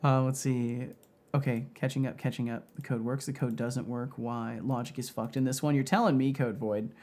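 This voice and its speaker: A man's voice: medium pitch, steady tone, moderate pace, a little mellow. A man streaming as a game developer, chatting casually, rambling and laughing often as he reads chat aloud.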